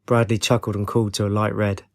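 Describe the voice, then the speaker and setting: A man reading a fantasy audiobook as narrator, in a measured, even reading. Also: fairly low pitch. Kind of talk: scripted narration.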